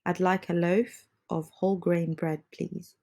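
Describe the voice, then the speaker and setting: Woman, English teacher, under the weather; patient, repeats lines slowly, lower-pitched voice. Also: flat delivery, vocal fry. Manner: patient, repeats phrases slowly and softly for learners. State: under the weather, slightly congested. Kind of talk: slow, clear English lesson with repeated phrases.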